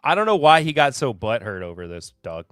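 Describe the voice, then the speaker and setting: A man's voice: medium pitch, very animated, brisk, fairly bright tone, smooth, dry recording, clean studio sound. A man hosting a casual live-stream whiskey podcast, reading new bottle labels aloud in a rambling, sarcastic, self-deprecating way. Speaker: podcast host.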